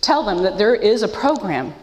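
A woman's voice: medium pitch, big pitch swings, normal speed, a little mellow. Woman speaker, heartfelt personal share, choked up at times, recorded in a reverberant hall. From United States. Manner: earnest, emotional, with self-deprecating laughs. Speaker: speaker sharing her story at a support meeting. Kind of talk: personal testimony.

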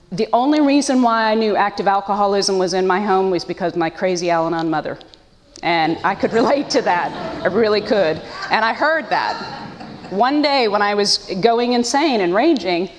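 Woman, earnest testimony, emotional, mid-pitched voice, long echo of a meeting hall. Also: moderate pace. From United States. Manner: earnest, emotional, with self-deprecating laughs. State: choked up. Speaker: speaker sharing her story at a support meeting. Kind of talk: personal testimony.

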